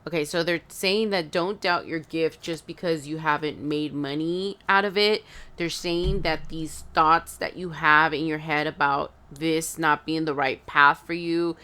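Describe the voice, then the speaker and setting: Emotional, halting woman tarot reader. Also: sits low, fairly even intonation, sharp tone. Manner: halting, filler-heavy, emotional, addresses viewers as guys. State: choked up, near tears. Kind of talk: intuitive tarot reading to camera.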